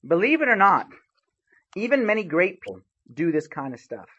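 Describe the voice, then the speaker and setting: A husky-voiced man delivers a sermon, his storytelling animated, jumping from loud, punchy exclamations to low asides. The recording is dull and lo-fi. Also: moderate pace. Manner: animated storytelling with sharp swings in loudness. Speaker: preacher.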